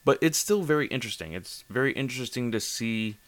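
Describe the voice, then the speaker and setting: A man's voice: medium pitch, lively intonation, quick pace, a bit bright, no echo. A man hosting a casual solo manga review podcast late at night, tired and slightly slurring, rambling with lots of fillers and restarts. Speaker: podcast host.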